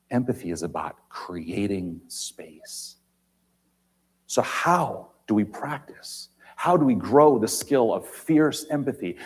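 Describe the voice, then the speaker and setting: A man giving an inspirational talk on stage in a large auditorium, emphatic, swinging between loud and quiet. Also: mid-range voice, husky.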